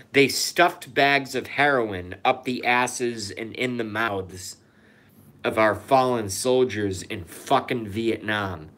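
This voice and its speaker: A man's voice: on the low side, a bit bright. A man hosting his online show from an apartment, ranting in a furious, profane, repetitive comedic conspiracy monologue into a phone. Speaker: YouTube show host.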